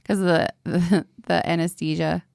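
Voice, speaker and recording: A woman's voice: lowish voice, flat delivery, normal speed, gravelly, darkish tone, dry recording, clean studio sound. A woman around thirty co-hosting a podcast in casual chat, laughing often and swearing freely. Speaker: podcast co-host.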